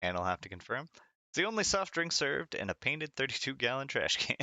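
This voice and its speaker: Gravelly, bright-toned man playing a retro game. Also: medium pitch, big pitch swings, a little fast, dry recording. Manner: reads game text aloud and laughs often. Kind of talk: casual game commentary.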